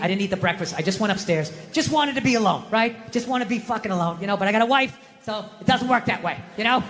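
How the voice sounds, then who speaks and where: A middle-aged male comedian tells a story on stage, swearing freely and mocking himself in an exasperated, lively voice. His stage mic carries a long hall echo with faint noise underneath. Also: very high voice. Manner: profane, exasperated, self-mocking. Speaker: stand-up comedian. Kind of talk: stand-up storytelling. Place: comedy stage before a live audience.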